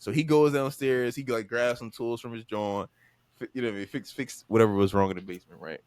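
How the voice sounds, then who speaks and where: Fast-talking young man telling a story. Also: lowish voice, no room sound. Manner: animated, acts out voices, lots of "like" fillers, swears. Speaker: podcast co-host. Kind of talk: casual storytelling chat. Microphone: podcast microphone.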